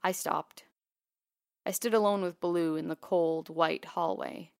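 A woman narrating a first-person memoir in a quiet, measured, intimate way. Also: fairly low pitch, fairly even intonation, creaky, smooth, no room sound, clean studio sound.

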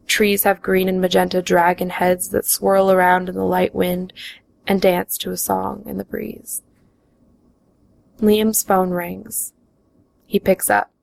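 A woman reading her own memoir aloud in the first person, slow and even. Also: fairly low pitch, creaky, dry recording, low-quality recording.

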